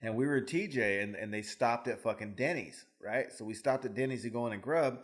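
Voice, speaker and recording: Man, podcast co-host, mid-pitched voice, crude joking banter, casual. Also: a little fast. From Fresno, California. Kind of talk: casual chat.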